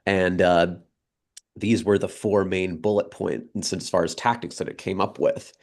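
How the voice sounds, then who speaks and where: Deep-voiced man, measured and hesitant. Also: fairly even intonation. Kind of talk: casual political talk show discussion.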